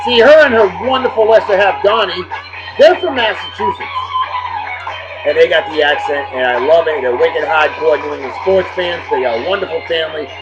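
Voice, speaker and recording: A man hosting a casual video show, giving rowdy, jokey shout-outs that swing between loud bursts and low asides. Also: brisk. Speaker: host of a daily beer and music video show. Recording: dull lo-fi video with music underneath.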